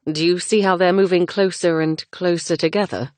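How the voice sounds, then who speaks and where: A woman reading as a calm, gallant young gentleman in a storybook romance, low and unhurried. He speaks slowly and softly, with a dry, close sound. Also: no echo, close to an everyday voice. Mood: explaining.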